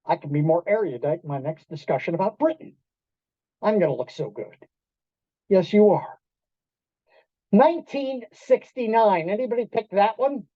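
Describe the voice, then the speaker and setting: A man giving a storytelling talk to an audience in a restaurant event room, animated, acting out quoted voices and quizzing the listeners. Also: high-pitched, no echo. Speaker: keynote speaker. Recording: dull lo-fi dry sound.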